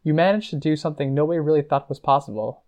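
A man's voice: on the high side, fast, a little mellow, close to an everyday voice. Man voicing a blunt, pushy young woman. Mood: urgent. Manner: pushy, exasperated questions.

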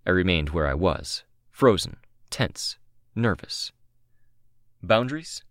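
A man narrating a novel in the first person, calm and measured, close to the microphone. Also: deep voice, no echo. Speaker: audiobook narrator.

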